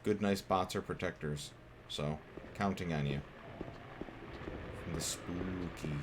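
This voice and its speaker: A man's voice: sits low, takes it slowly, very noisy. A man streaming a horror game, giving joking casual commentary, talking to the characters and swearing when things go wrong. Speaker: gameplay streamer. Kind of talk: casual let's-play commentary.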